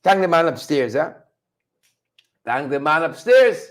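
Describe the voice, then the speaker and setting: A man's voice: on the high side, measured pace. A man hosting a live-stream show, chatting with viewers and calling them folks. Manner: animated, conversational, addresses viewers as folks. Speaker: host.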